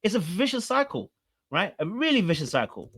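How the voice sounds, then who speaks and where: Male coach, reaction commentary, rhetorical questions, somewhat high voice. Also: very animated, brisk, fairly bright tone, breathy edge. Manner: explanatory, repeats rhetorical "why?" questions.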